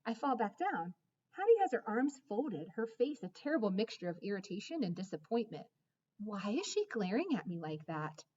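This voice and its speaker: A woman narrating a children's story in the first person, expressive, with dramatic hushes and excited rises. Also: medium pitch, normal speed, lo-fi sound, a little hiss or hum. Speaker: audiobook narrator.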